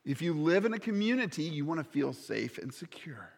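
A man's voice: on the high side, big pitch swings, brisk, gravelly, in a large hall. A man preaching a sermon earnestly, sometimes dropping to a near whisper on key words. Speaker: pastor.

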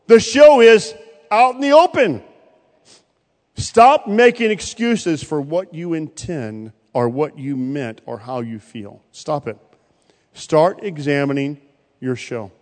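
A male pastor preaching a sermon, swinging from loud bursts to quiet, pointed asides. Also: a little high, slow pace. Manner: preaching with sudden loud rises and quiet drops. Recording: long hall reverb.

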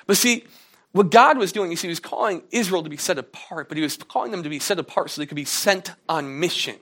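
A man with a slightly high voice delivers a sermon. He talks casually and conversationally, and when he acts out what others say, his voice climbs and gets louder. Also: lively intonation, a little fast, breathy edge. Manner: conversational preaching, acts out quotes with rising pitch. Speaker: pastor.

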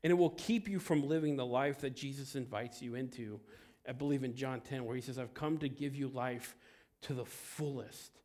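A man preaching a sermon who speaks with emphatic stresses and lets phrase endings fall quiet. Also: medium pitch, moderate pace. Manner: emphatic, swings between loud stresses and quiet trailing endings; acts out quoted voices in a story. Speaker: pastor.

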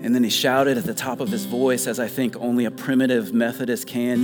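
Preacher, man, storytelling sermon, long hall reverb, soft guitar underneath. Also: mid-range voice, level tone, fairly quick, few pauses. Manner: storytelling, quotes with rising fervor.

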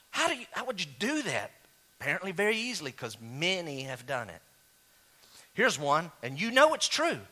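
A pastor preaches a sermon with animation, swinging between loud, high exclamations and low, quiet asides.

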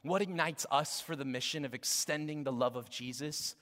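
A man in his thirties, a guest pastor preaching a sermon in a casual, conversational way that swings between loud emphasis and hushed, near-whispered moments. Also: fairly high pitch, normal speed. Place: church hall. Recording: long reverb of a large hall.

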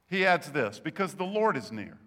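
A man's voice: fairly high pitch, big pitch swings, moderate pace, a bit bright. A man preaching a sermon, telling stories and stressing points with emphatic rises. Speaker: pastor.

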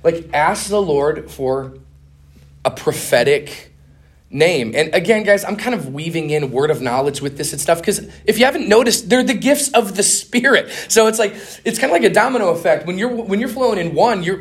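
A middle-aged man teaches a conference session like a casual talk. He tells stories in a rush, dropping "man" and "dude" as he goes, his voice jumping from hushed asides up to excited highs. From Minnesota. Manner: animated, fast-talking, lots of "man" and "dude" slang. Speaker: speaker teaching a conference master class on evangelism.

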